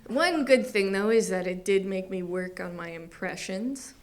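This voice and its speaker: A woman's voice: mid-range voice, moderate pace, crowd noise. A young woman performing stand-up comedy on a small theater stage, laughing often and acting out other people's voices.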